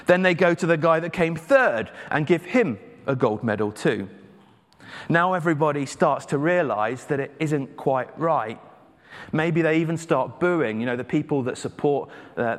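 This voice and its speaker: Casting: man from England, mid-pitched preacher, relaxed, self-deprecating sermon delivery, long church reverb. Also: normal speed. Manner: conversational, self-deprecating with hesitant fillers.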